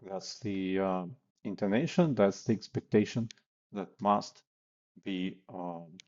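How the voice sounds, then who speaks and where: This sales trainer has a deep, slightly mellow voice and a slow delivery, with the high frequencies cut off. He casually explains phone sales techniques and demonstrates cold-call lines through role-play.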